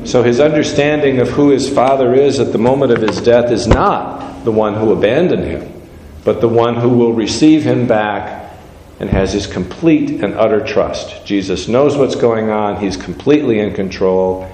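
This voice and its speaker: A man's voice: medium pitch, moderate pace, dark tone. A man preaching a sermon, reading scripture aloud and giving the verses changing emphasis. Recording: roomy hall with long reverb.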